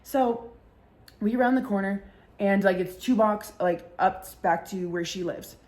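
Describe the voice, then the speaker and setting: A woman's voice: medium pitch, moderate pace, darkish tone. A woman hosting a podcast, telling a story in casual chat, talking with lots of fillers and swearing freely. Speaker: podcast host.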